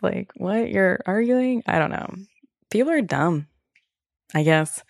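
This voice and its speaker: Young woman podcasting solo, low voice, lots of vocal fry, rambly and sweary, very casual. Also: normal speed, no room sound, clean studio sound. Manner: loose, candid, filler-heavy talk with frequent "like" and swearing. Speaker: podcast host.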